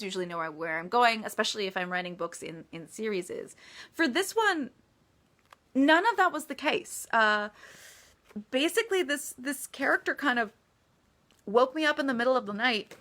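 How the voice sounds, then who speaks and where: A woman's voice: a little high, bright, forceful tone. An American woman, an author, chatting casually in a live-stream Q&A, often laughing and joking about herself. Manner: giggly, self-deprecating, chatty.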